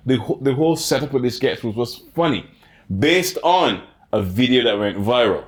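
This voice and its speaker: A man's voice: mid-range voice, animated, normal speed. A man co-hosting a casual podcast who backs up his partner and asks probing questions. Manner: engaged listener, frequent affirmations, quizzing questions. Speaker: podcast co-host.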